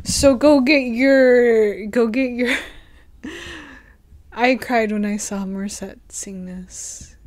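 A woman hosting her own reaction video, chatting casually and playfully with viewers and sometimes dropping into a soft whisper. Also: a little high, extremely slow. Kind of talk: casual reaction vlog chat.

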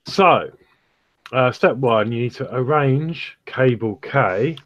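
Slow, matter-of-fact man on dull audio. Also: mid-range voice, animated, a bit bright, dry recording. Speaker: co-host reading out parts and instructions. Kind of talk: reading out a parts list.

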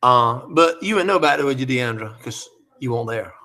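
A man's voice: mid-range voice, animated, a little fast, sharp tone. A man hosting a live chat, reading out viewer comments and teasing them in a joking, easygoing way.

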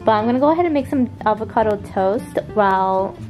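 A woman's voice: fairly high pitch, fast, a little mellow, faint music behind. A tired young woman, chatting through casual vlog updates about her pets and stretching her fillers. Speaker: vlogger.

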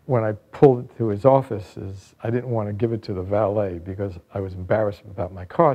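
A man in his sixties, an author and founder, telling a lively personal anecdote in a book trailer. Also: on the low side. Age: 60s. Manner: lively, vivid anecdote telling with bursts of excitement. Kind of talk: storytelling narration in a book trailer.

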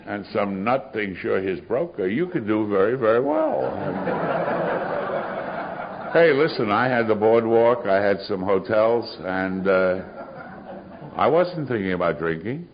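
Very deep-voiced older man, wry storyteller. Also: animated, moderate pace, slight background noise. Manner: wry, sardonic storytelling with dry humor. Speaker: AA speaker. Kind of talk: recovery story talk. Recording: muffled recording of a live talk.

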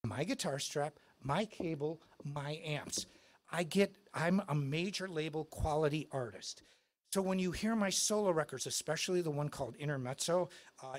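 A man giving a live guitar clinic in a music store, telling stories in an animated, excitable way. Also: on the high side.

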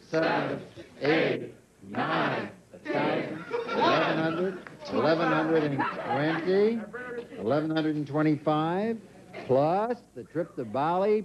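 A man hosting a quiz show in a TV studio, joking with contestants and reading questions briskly. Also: a little high. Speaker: game show host. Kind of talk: quizmaster patter. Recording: dull, noisy old TV audio.

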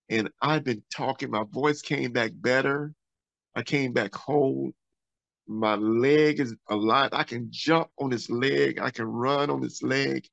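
A man, a pastor and podcast guest, telling his testimony with animated storytelling, acting out the voices of others. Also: medium pitch, gravelly, no echo.

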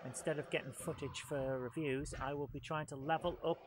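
A man's voice: on the high side, steady tone, a little fast. A man streaming a video game live, chatting with viewers in a casual, self-mocking way. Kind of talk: live let's-play commentary. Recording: game sounds noisy underneath. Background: game engine and vehicle noise.

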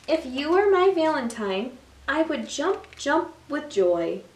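Library story-time reader: a woman with a high voice reading picture books to kids in an expressive way, recorded from a distance in a roomy space. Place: public library. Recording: echoey room, mic far off.

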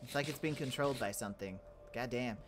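A woman hosting a game role-play series in character, animated and swinging between alarm and calm musing. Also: a bass voice, quick pace, background noise. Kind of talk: in-character role-play chat with a channel outro.

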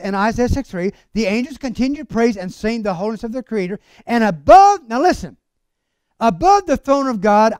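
A male pastor delivers a fervent church sermon, urging his congregation to answer him. His voice sits high and moves animatedly up and down. The sound is close and dry, with no room echo. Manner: fervent, calls out to the congregation for amens. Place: church service.

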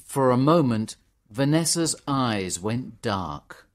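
Guy reading an english learner story, slow and clear, very expressive. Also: mid-range voice. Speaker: narrator. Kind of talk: graded reader audiobook narration.

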